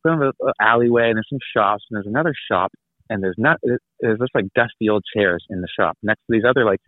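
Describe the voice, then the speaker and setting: A man's voice: on the low side, dry recording. A man in his thirties telling a long travel story over a call, rambling and laughing as he acts out the people in it. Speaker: guest. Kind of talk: casual storytelling. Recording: tinny phone-like line.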